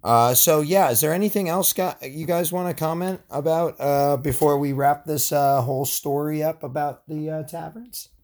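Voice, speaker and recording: A man's voice: fairly high pitch, moderate pace, hardly any pauses, a little mellow. A man co-hosting a casual history podcast, profane and jokey. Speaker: podcast co-host.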